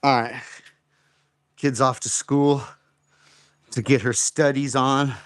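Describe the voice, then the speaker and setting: A man's voice: mid-range voice, level tone, takes it slowly, no echo, studio quality. A man hosting a live home workout, explaining form and counting reps aloud in an encouraging way. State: slightly out of breath. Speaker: fitness host.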